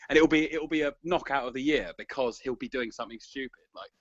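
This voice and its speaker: Fast-talking man in casual podcast chat. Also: mid-range voice, no room sound. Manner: chatty, rambling with fillers. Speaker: podcast co-host. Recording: dry lo-fi podcast audio.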